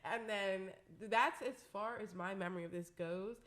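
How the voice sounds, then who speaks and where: A young woman co-hosting a podcast, telling a story in casual chat, animated and profane, acting out what people said. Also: medium pitch, moderate pace. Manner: animated, profane, acts out quotes. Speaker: podcast co-host.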